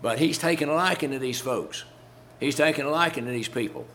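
Male preacher, mid-pitched, folksy and conversational, light chuckles, faint hum behind. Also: brisk, a bit bright. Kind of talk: sermon.

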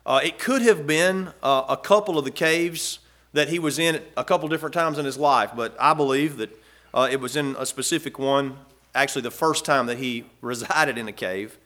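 A man's voice: mid-range voice, normal speed, fairly bright tone. A man preaching a sermon in a folksy way, rising and swelling when he reads scripture aloud. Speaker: pastor.

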